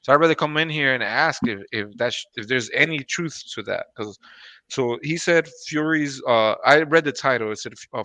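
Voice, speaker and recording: A man's voice: mid-range voice, moderate pace, pushed and bright, dry recording. A man co-hosting a boxing talk show, chatting casually in a rambling, profane way with lots of fillers. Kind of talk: casual chat.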